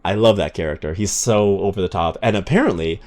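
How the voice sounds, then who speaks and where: Rambling, excitable low-voiced male streamer. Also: brisk. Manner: rambling and excitable, jumps from low mutters to loud shout-outs. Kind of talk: casual live-stream chat with viewers.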